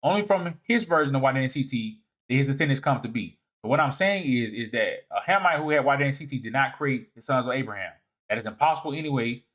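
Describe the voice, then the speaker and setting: A man's voice: mid-range voice, fairly bright tone. Man, slide lecture, casual, repeats words, restarts, emphatic rises, muttered asides, checks in with listeners. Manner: repeats and restarts words, asks "all right?" often. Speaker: presenter of a video series. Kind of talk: lecture walking through slides.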